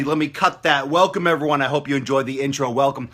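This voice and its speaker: Male fitness vlogger, loud profane hype man, punchy tense tone. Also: mid-range voice, fast, hardly any pauses, faint music behind. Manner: profane, mocking, hyped-up. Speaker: fitness vlog host. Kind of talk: brash motivational rant.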